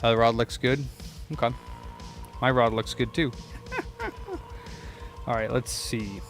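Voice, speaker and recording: A man's voice: medium pitch, steady tone, takes it slowly, faint music behind. A young man running a repair shop, chatting casually and swearing while he searches for parts and works, talking to himself and his viewers. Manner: profane, rambling, talks to himself and chat. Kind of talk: casual livestream chat while working.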